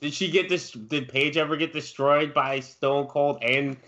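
A man's voice: fairly high pitch, fairly even intonation, measured pace, bright, forceful tone, lo-fi sound. A man co-hosting a wrestling podcast, debating picks and sometimes stammering. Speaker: podcast co-host. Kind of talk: casual chat.

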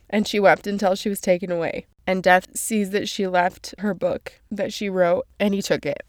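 A woman's voice: medium pitch, fairly even intonation, moderate pace, no room sound, clean studio sound. A woman reading passages from a novel and retelling the story, emotional and crying as she goes. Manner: emotional, tearful at moments. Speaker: book summary reader. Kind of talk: reading and summarizing a novel aloud.

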